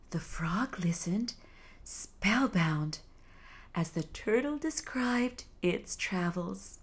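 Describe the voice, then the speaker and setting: Very slow, hushed woman storyteller. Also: mid-range voice. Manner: soft and hushed, at times whispering. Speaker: sleep story narrator. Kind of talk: soothing bedtime story narration.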